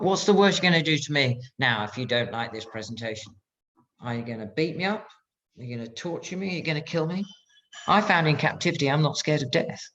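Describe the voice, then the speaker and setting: A man's voice: fairly high pitch, a bit bright, a little hiss or hum. British man, 50s, emphatic motivational storyteller, dull lo-fi video-call audio. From Britain. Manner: emphatic storyteller with acted-out quotes. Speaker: guest speaker, former pilot. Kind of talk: motivational talk.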